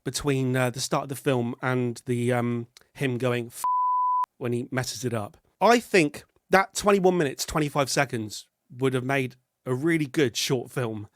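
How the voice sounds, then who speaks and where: A man co-hosting a podcast, chatting excitedly about a film and laughing as he goes. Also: mid-range voice, normal speed, few pauses, no room sound. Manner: excitable, animated, laughing while he talks. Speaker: podcast co-host. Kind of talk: casual film review chat.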